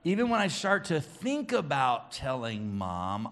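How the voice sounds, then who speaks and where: A man preaching a children's church sermon, booming and playful with the kids, then dropping soft and earnest. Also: big pitch swings, normal speed, few pauses. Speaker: children's pastor.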